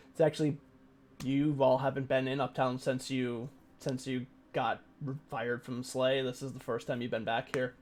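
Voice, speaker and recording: Guy gm narrating a tabletop game, lots of ums and uhs. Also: mid-range voice. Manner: halting, with many fillers. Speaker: game master.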